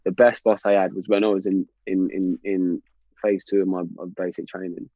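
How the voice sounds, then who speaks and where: An army veteran telling rowdy barracks stories in casual chat, swearing and laughing. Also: male voice, sits low, little pitch movement, moderate pace, no echo, highs cut off.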